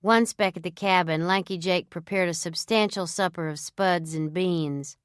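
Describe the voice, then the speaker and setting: A woman narrating a novel in the first person with a measured, even storytelling manner. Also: fairly low pitch, clear, resonant tone, no echo, clean studio sound. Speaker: audiobook narrator.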